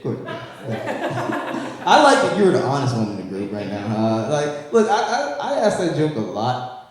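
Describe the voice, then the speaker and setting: A man's voice: mid-range voice, huge pitch swings, a little fast. Guy doing brash self-mocking stand-up on a handheld mic, big echoey bar room w long reverb, faint noise. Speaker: stand-up comedian. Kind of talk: stand-up set. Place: comedy bar stage. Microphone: handheld stage mic. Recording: echoey club, live mic.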